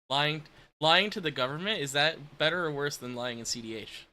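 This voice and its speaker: A man talks in a loose, easygoing way as a guest on a casual stream. His voice sits a bit high and comes across bright and forceful. He leans on fillers and restarts as he chats. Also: lively intonation, moderate pace. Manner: easygoing, chatty with frequent fillers. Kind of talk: casual chat.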